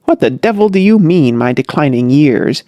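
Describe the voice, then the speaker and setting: Brief: narrator's voice for a choleric, self-willed dad, blustering with lively swings, dry read. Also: male voice, high voice, moderate pace, dry recording. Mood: testy, blustering. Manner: blustering, testy. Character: irascible, self-willed older father.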